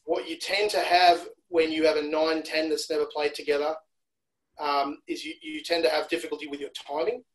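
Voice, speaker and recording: A man's voice: on the high side, flat delivery, normal speed, rough recording. A man from Australia talking as a rugby analyst guest on a podcast, explaining at length and repeating words as he restarts. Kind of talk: casual podcast chat.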